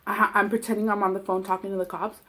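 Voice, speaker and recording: A woman's voice: medium pitch, little pitch movement, racing, bright, forceful tone. Brief: woman, 20s, casual vlogger, profane and heated storyteller. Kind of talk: casual storytelling while eating.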